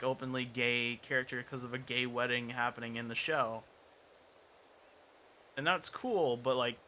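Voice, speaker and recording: A young man talks his way through a livestream in loose, rambling chat, joking at his own expense. His voice is bright and his pitch sits in the middle, with a faint hum in the background. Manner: rambling and self-mocking, mutters while playing. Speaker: streamer. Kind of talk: casual gameplay chat.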